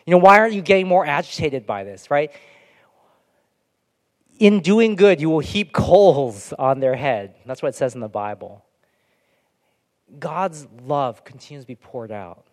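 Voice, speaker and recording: A man preaching a sermon as pastor, lively and animated, dropping to soft, near-whispered prayer lines. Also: a little high, measured pace, long pauses. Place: church hall. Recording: long hall reverb.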